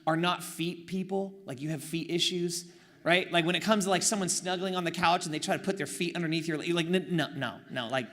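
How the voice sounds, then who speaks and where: A young man from Oakland telling a funny personal story in a sermon, animated and self-mocking with sarcastic asides. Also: sits high, fairly quick. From East Bay of San Francisco, Oakland. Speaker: pastor.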